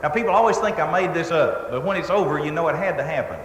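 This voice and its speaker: A Texan man spins a comic yarn in a folksy drawl, landing deadpan punchlines. His voice sits a bit high for a man. The recording rings with the long echo of a big hall, and a faint hiss sits underneath. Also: fast talker. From Texas. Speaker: storytelling humorist. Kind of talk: stand-up storytelling before a live audience.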